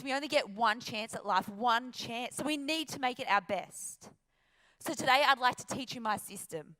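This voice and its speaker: A woman's voice: sits high, pushed and bright. An Australian woman giving an emphatic, upbeat motivational talk from a stage before an audience. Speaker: motivational speaker.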